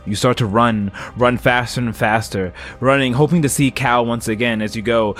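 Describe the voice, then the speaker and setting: A man narrating as game master of a tabletop game, slow and atmospheric, with restarts. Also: medium pitch.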